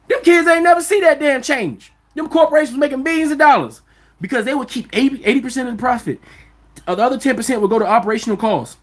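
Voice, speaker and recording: Profane, animated man ranting on a livestream. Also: extremely high pitch, fast. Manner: animated, profane, rhetorical questions. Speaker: vlog host. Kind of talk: livestream commentary.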